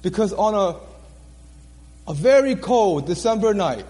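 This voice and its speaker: A man with a high, animated voice gives a sermon in a church hall. He speaks earnestly, repeating key phrases for emphasis. The room adds a long reverb. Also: takes it slowly. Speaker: preacher. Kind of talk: sermon testimony.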